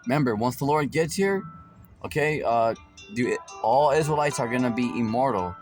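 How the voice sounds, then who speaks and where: A man's voice: mid-range voice, expressive, moderate pace. A man preaching a casual street sermon in a conversational, slangy, repetitive way, full of fillers, with music playing behind.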